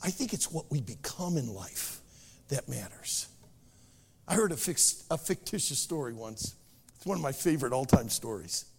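A man preaching a sermon, telling stories in an animated way. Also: medium pitch, moderate pace, breathy edge, long reverb tail. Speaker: pastor.

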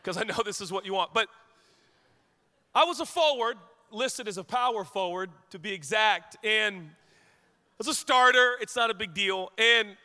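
Bright-voiced joking pastor in echoey hall. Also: male voice, high voice, normal speed. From Washington state, USA. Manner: self-deprecating, joking, lively anecdotes. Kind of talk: humorous sermon storytelling. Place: church sanctuary.

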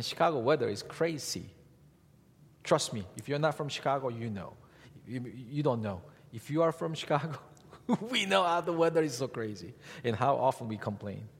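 Husky-voiced male pastor preaching in a reverberant hall. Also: on the high side. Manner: animated preaching with rhetorical questions to the congregation. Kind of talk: sermon.

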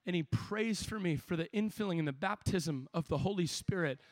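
A young man with a high, bright-pitched voice preaches at a youth camp. He swings from hushed storytelling to fervent, shouted exhortation. The sound is close and dry, with no room around it. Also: a little fast, no room sound. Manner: passionate, builds to shouting. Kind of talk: sermon.

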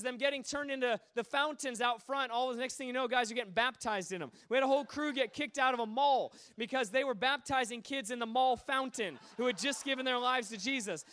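A man preaching a sermon, telling stories with lively energy and acting out the voices of the people in them. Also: extremely high pitch. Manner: animated, acts out quoted voices. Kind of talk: sermon storytelling.

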